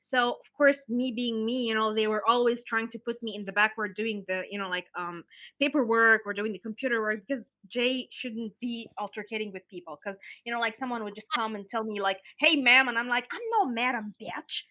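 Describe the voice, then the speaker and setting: A woman's voice: a little high, steady tone, a little fast, dull audio. A young woman from Alexandria telling a wild story in casual, profane podcast chat, laughing and acting out quotes. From Alexandria, Egypt. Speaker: podcast guest.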